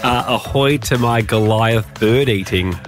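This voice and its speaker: Host reading out listener shout-outs. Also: male voice, mid-range voice, music in the background. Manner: reading listener messages with quick jokes. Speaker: radio host. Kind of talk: casual comedic banter.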